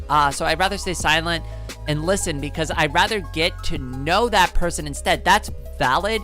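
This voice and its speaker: A woman's voice: lowish voice, fairly bright tone. A woman live streamer in casual chat, handing out friendly advice in a chatty, playful way, often laughing and tagging lines with "right?". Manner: chatty, peppers speech with "like" and "right?".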